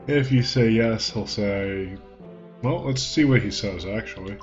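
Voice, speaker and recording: Low-voiced guy doing a lets play, wry jokes, rambling, faint game music behind. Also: a little slow, lo-fi sound. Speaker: let's play host. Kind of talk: casual gameplay commentary. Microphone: desk mic at home, button clicks audible.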